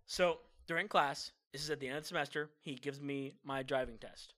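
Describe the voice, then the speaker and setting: A young man telling a long story in casual chat, breaking into loud, shouted impressions of an old teacher. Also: medium pitch, fairly even intonation, a little fast. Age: young adult.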